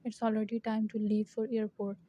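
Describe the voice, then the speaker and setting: Flat-voiced woman reading fan fiction. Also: medium pitch, brisk, slight background noise. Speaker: story reader. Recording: dull lo-fi recording.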